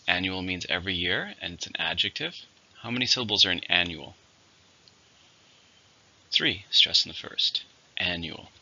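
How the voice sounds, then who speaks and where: Bright-voiced male English teacher, lo-fi. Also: sits low. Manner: slows down and stresses syllables when modelling words. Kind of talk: vocabulary lesson.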